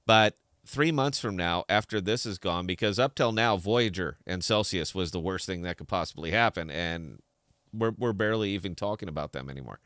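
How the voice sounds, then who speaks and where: A man's voice: deep voice, moderate pace, a bit bright, no echo, clean studio sound. A man hosting a podcast in an opinionated, heated solo rant, talking with a slight lisp and repeating words as he gets worked up. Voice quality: slight lisp from a dental hole. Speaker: podcast host.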